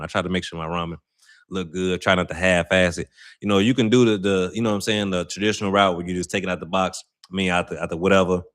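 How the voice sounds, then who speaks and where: A man's voice: medium pitch, a bit bright. A young man from Saint Louis hosting a casual livestream, chatting loosely with viewers in slangy, rambling talk. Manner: loose slangy talk, chatty, lots of "you know what I'm saying". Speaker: livestream host.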